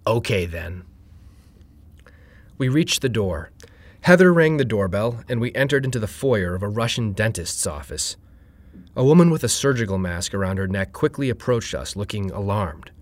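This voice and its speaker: Deadpan low-voiced man reading a story. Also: moderate pace, no echo. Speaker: narrator. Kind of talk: first-person story reading.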